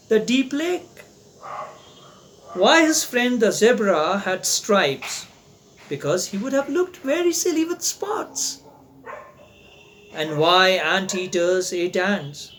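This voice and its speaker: Lively, slow man reading a children's story. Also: high voice, a little hiss or hum. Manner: lively, sing-song and explaining for children.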